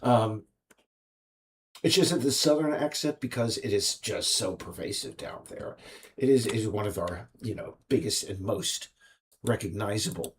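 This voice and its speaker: A man's voice: lowish voice, animated, slight background noise. A man, an indie game developer, talking alone in a rambling monologue, stopping and restarting often. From United States. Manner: halting, many restarts and fillers.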